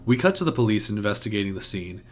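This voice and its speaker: A man narrating a plot outline in a steady recap tone, with the odd small restart. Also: on the low side, quick pace, faint music behind. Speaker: video essay host.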